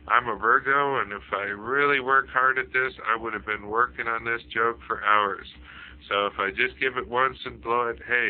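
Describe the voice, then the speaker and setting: A man telling a long rambling joke, filling his talk with "you know". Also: mid-range voice. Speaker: storyteller. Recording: phone-like lo-fi audio.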